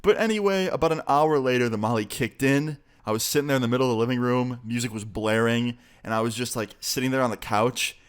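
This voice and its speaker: A man's voice: mid-range voice, quick pace, hardly any pauses, clear, resonant tone. A young man casually telling a personal story on his channel, full of slang and swearing. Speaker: YouTuber. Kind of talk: storytime vlog.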